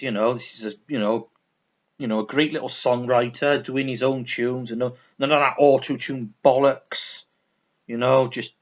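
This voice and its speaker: A man chatting casually about his records, enthusiastic and rambling, often repeating himself. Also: mid-range voice. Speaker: vinyl collector vlogger. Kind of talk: casual record review chat. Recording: dull lo-fi recording.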